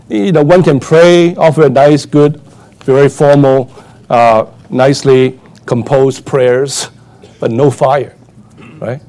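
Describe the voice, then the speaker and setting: A man's voice: fairly even intonation, slow, dark tone. A man preaching a sermon with conversational asides, full of fillers and restarts, then building to urgent, impassioned exhortation. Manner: impassioned, rising to urgent high-pitched exhortation.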